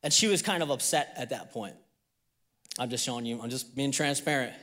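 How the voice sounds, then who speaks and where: A man's voice: medium pitch, fairly quick, fairly bright tone, big-room sound. A young man preaching a sermon as pastor. He tells a candid personal story and then builds to emphatic preaching.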